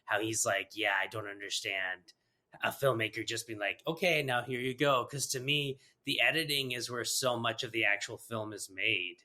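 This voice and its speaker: Bright-voiced man hosting a loose chat. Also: medium pitch, fairly even intonation, moderate pace. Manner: loose and rambling, full of "like" and "um". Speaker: podcast host. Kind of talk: casual podcast interview.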